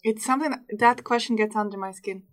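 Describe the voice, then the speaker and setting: A woman's voice: fairly high pitch, quick pace. A woman co-hosting a business podcast in casual chat, laughing often and talking in a playful way. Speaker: podcast co-host.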